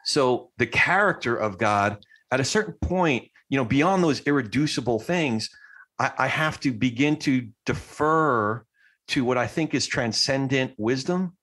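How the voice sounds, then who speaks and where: A man's voice: mid-range voice, expressive, a little slow, fairly bright tone. A man hosting a podcast interview, speaking thoughtfully with some hesitant restarts. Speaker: podcast host.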